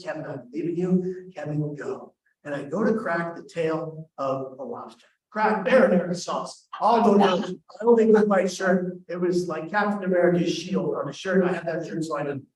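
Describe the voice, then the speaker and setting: Heavy echo rolls through a large event hall as a keynote speaker and host, picked up from afar, quickly tells a comic story at his own expense. He is animated, and his voice sits fairly high.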